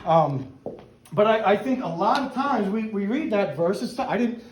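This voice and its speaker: A man's voice: sits high, lively intonation, moderate pace, a little hiss or hum, poor audio. A middle-aged man giving a casual, conversational talk to a men's church group, often asking "right?" and restarting his sentences. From Pennsylvania. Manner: informal, frequent "right?" and "um", self-restarts. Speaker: guest speaker at a men's church gathering. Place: church meeting room.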